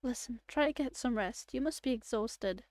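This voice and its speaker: A woman voicing a calm, kindly hospital doctor in a game, reading the lines gently and reassuringly. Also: on the high side, moderate pace, dry recording, clean studio sound, natural voice.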